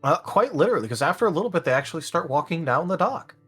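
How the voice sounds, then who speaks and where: A man narrating as game master in a tabletop game, in a relaxed, unhurried way. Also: fairly high pitch, breathy edge, faint music behind.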